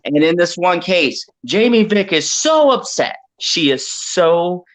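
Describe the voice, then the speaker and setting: A man's voice: sits high, very animated, takes it slowly. A man hosting a casual panel podcast, impassioned, laughing often and swearing freely. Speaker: podcast host. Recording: dull lo-fi call audio.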